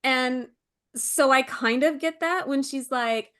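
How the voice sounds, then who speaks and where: A woman guest on a film podcast talks about her own experience as a mother. She is animated and full of "like"s, slipping into voices for quotes. Her voice is a little high. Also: slow. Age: adult mother. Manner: animated, acts out quotes, many "like" fillers. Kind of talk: casual film discussion.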